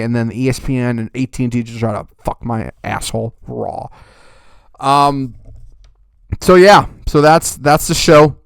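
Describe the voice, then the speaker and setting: A man's voice: medium pitch, clean tone, dry recording, clean studio sound. A young man hosting a golf podcast, ranting with constant swearing. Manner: swears constantly, rants loudly, then winds down. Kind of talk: profane ranting recap.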